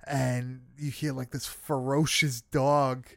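Man, casual film recap, loose and sweary, smooth clear voice, dry close sound. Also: mid-range voice, flat delivery, slow pace, no room sound. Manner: loose, swearing, many fillers.

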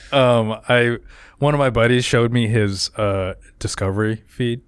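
A young man co-hosting a comedy podcast, rambling and halting with many fillers in casual chat. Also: medium pitch, clear, resonant tone.

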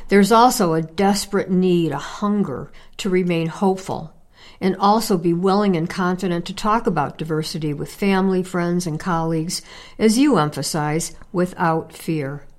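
A woman co-hosting a podcast, asking questions and closing the show in a measured, earnest way. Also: on the low side, a little mellow. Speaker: podcast co-host.

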